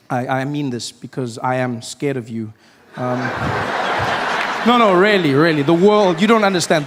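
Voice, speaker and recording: A man doing a stand-up comedy set on stage, animated and playful, teasing the audience. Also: on the high side. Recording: live show with background noise.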